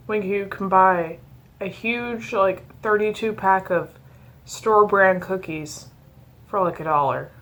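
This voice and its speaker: A woman's voice: mid-range voice, a bit bright. Chatty young woman joking through an unboxing. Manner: chatty, joking, rambling asides. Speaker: vlogger. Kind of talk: casual unboxing vlog.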